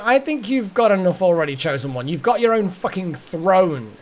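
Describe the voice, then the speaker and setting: A man's voice: high voice, sing-song, normal speed. A man streaming a game, rambling casually to his chat. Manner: rambling, chatty, talks to chat. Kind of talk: casual gameplay commentary.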